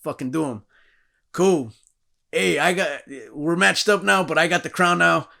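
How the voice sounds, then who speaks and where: Gravelly, bright-voiced man telling rowdy stories. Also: on the high side, measured pace. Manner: profane, rowdy storytelling with acted-out quotes. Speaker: podcast host. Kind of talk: casual storytelling chat.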